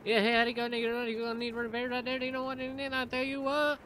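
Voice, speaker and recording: Hairy Duergar dock worker, high rambling drawl, done by a man, noisy home setup. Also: completely flat delivery, quick pace, pushed and bright. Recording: noisy room recording.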